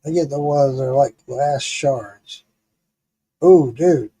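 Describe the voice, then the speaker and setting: A man's voice: mid-range voice, takes it slowly, slightly rough. A middle-aged man streaming live, telling a story in a casual, profane way, laughing often. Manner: profane, laughing, animated retelling.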